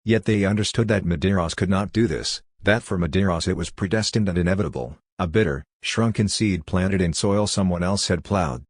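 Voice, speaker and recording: A man narrating an audiobook in a measured, even reading style. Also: sits low, dry recording, studio quality. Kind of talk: scripted narration.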